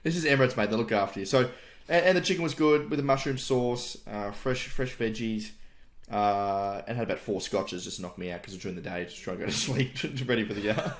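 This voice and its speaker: A man co-hosting a podcast, relaxed and casual, laughing often and using easy slang. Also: on the low side, fairly quick, crowd noise. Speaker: podcast co-host. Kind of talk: casual chat.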